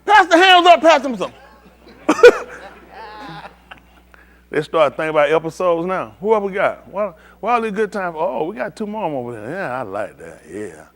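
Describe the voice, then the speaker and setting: Host, male; high, lively pitch; playful teasing emcee of a room game. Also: normal speed, long pauses. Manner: playful, teasing, calls on people by name. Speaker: host leading a group trivia game. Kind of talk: lively group banter.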